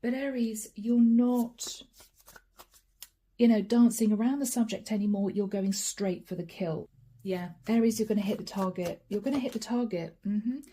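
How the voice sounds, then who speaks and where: A woman's voice: mid-range voice, moderate pace, warm tone. A woman giving a channeled tarot reading, talking straight to her viewers and naming each card as she draws it, with frequent sighs and asides. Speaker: tarot reader.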